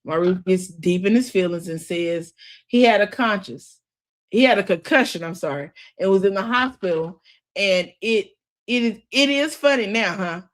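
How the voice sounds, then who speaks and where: A woman's voice: mid-range voice, moderate pace. A woman recapping a reality TV episode in a casual, gossipy style, retelling scenes with sassy asides and frequent laughter. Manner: breaks into laughter often.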